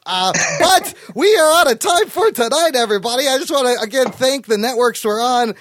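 A man hosting a casual podcast, excitable, swearing freely and ranting fast. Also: very high-pitched, slight background noise. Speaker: podcast host.

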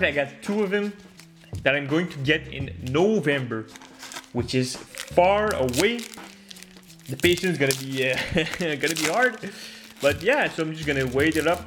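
A man giving casual commentary while opening hockey card packs, laughing often and bursting into loud gasps and swearing over good pulls. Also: on the high side.

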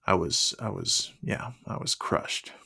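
A man sharing his personal faith testimony in an earnest, emotional, halting way. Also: pushed and bright.

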